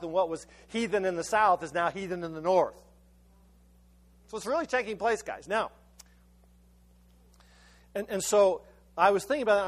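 A man with a high voice preaches to his congregation in a loose, conversational way. He tells his story in halting bursts, repeating and restarting words as he goes, and he gives his sermon with an easy storyteller's flow. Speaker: pastor.

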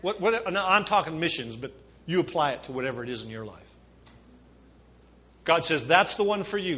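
A middle-aged man preaching a sermon as pastor, impassioned, with sudden shifts between soft asides and loud emphasis. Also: a little high, expressive, normal speed, pauses often.

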